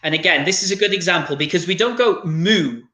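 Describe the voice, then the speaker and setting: Bright, upbeat male English teacher. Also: sits high, expressive. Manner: upbeat, encouraging, drawn-out model pronunciations. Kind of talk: online English lesson. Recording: echoey room sound.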